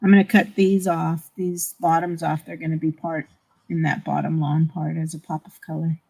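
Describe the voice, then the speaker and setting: A woman's voice: sits low, little pitch movement, moderate pace, gravelly, darkish tone, breathy edge, poor audio. A woman hosts her own art livestream and chats casually with a friend and her viewers. She talks in a loose, easy way and laughs often. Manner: chatty and laughing easily. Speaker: art streamer.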